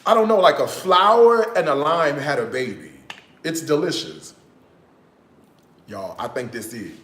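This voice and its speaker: A man's voice: on the high side, animated, a little slow, a bit bright. A man chatting casually on a cooking livestream, drawling and checking in with "okay?" and "y'all" as he shows off his groceries. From United States. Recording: echoey room.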